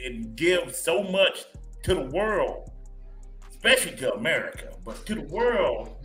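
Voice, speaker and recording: Man telling a story with lots of laughs. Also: on the high side. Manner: animated storyteller, laughs often, many restarts. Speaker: podcast host. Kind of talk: casual chat.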